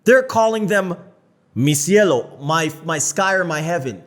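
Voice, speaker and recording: A North American man co-hosting a podcast, talking in a blunt, profane, animated way. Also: high voice, normal speed. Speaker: podcast co-host. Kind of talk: casual podcast chat.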